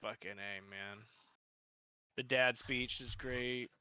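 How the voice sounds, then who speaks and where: A man's voice: medium pitch, steady tone, takes it slowly, sharp tone, dull audio, slight background noise. A man co-hosting a podcast, casually recapping a movie with lots of laughter and profanity. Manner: laughing, profane, acting out quotes. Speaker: podcast co-host.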